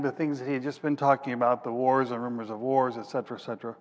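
A man's voice: mid-range voice, level tone, rapid-fire, hardly any pauses, muffled recording. A man preaching a sermon who reads scripture aloud, then explains it plainly and hunts aloud for passages as he thinks. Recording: long reverb of a large hall.

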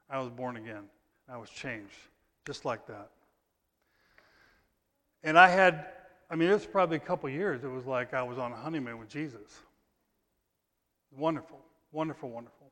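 A man preaching a sermon in a conversational way, reading scripture loudly and emphatically, then dropping to quiet asides. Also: mid-range voice. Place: church sanctuary. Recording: long church reverb.

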